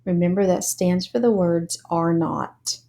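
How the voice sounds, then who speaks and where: A woman's voice: lowish voice, steady tone, measured pace, warm tone, slight background noise. A woman teaching a reading lesson, spelling words letter by letter and sounding out syllables. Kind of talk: slow, deliberate reading lesson.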